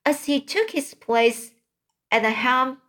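A woman reading a children's novel aloud, unhurried, now and then stumbling and rereading a phrase. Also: high-pitched, lively intonation, fairly bright tone. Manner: unhurried, with occasional slips and rereads. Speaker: reader.

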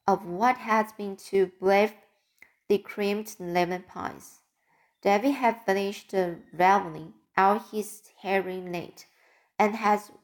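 A woman reads a classic novel aloud at a slow, careful pace. She sometimes stops partway through a word and starts it again. Her voice sits at a middle pitch. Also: darkish tone. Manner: careful, with frequent restarts of words. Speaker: audiobook reader. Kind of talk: audiobook narration.

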